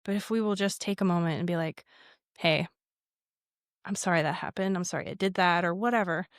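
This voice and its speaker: A woman in her thirties, a podcast guest, talking in a reflective, unhurried way about parenting and faith. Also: fairly low pitch, dry recording, clean studio sound. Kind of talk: casual faith conversation.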